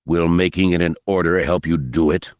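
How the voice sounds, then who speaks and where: A cool, commanding warrior general, played by a male narrator. He speaks low and measured in clipped orders, with a dry close sound. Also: steady tone, darkish tone, no room sound, lightly acted. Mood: stern calm.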